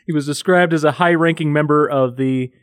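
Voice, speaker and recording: A man's voice: on the high side, fairly even intonation, fairly quick, no echo, studio quality. A man co-hosting a podcast in casual chat, mostly giving short reactions and reading out news bits. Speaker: podcast co-host.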